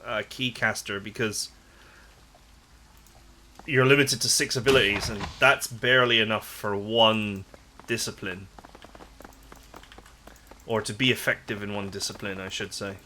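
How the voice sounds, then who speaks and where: A man's voice: lowish voice, fairly even intonation, a little slow, pauses often, pushed and bright, a little hiss or hum. A man hosting a let's play, reading game text aloud dramatically and chatting casually about the game with lots of "like". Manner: casual asides full of "like", dramatic read-aloud of game prose.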